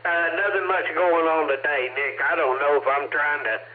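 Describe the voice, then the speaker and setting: A man's voice: a little high, a loud crowd. A man checking in on a ham radio net, joking and easygoing, a little under the weather. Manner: joking, easygoing, slow-paced. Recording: tinny two-way radio with faint hiss.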